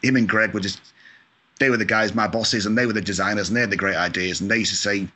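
A man from Scotland talks in a fast, bright, slightly low voice. He chats casually as an interview guest, self-deprecating, with mild swearing. His speech is loose and full of fillers. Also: steady tone. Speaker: video game composer, guest. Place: lives in California.

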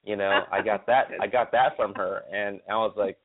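Low-pitched male guest from California, chatty and animated, heard through a phone line. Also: moderate pace. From Stockton, California. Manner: animated, repeats words, many fillers. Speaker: guest, optometrist. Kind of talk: casual interview storytelling.

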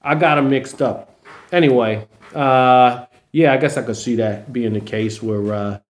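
A man's voice: medium pitch, measured pace. A male podcast host in a casual, rambling conversation. He swears freely, laughs easily and keeps things loose and unpolished. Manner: loose and profane, laughing often. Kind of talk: casual chat.

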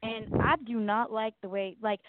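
A woman's voice: on the high side, flat delivery, moderate pace, a little hiss or hum. Southern woman co-host, blunt and rambling, self-mocking, over a thin phone-like line. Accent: Southern American. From Southern United States. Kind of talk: casual chat. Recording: tinny phone-like line, dry.

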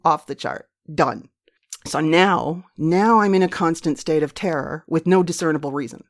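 A woman with a low, deep voice tells her own story as a host. She is middle-aged, blunt and profane, and she laughs at herself. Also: animated, measured pace. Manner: candid, profane, self-mocking. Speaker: podcast host. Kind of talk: personal storytelling monologue.

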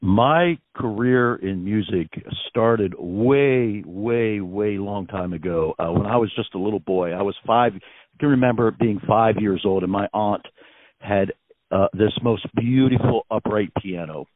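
A man's voice: on the low side, measured pace, no echo. An American man, a musician, talking in a phone interview in an effusive, gracious way with many fillers. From United States. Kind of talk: phone interview, casual storytelling. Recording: tinny phone line.

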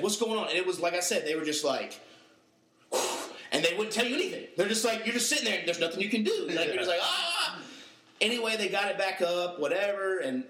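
A young man tells a story on a casual podcast, his voice sitting a little high for a man. He talks in an animated way and slips into other people's voices as he quotes them. The sound carries an echo from the room. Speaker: podcast panelist.

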